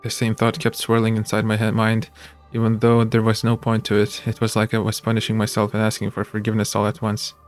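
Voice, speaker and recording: A man streaming a visual novel, reading the narration aloud in a steady voice with small slips. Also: fairly low pitch, a little fast, hardly any pauses, faint music behind.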